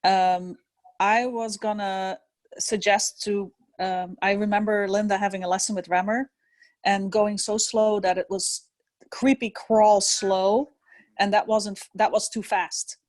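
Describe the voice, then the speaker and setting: A woman's voice: medium pitch, flat delivery, a little slow, darkish tone. A woman student sharing a training tip in a virtual lesson over a video call, speaking plainly and thoughtfully. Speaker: student in a class.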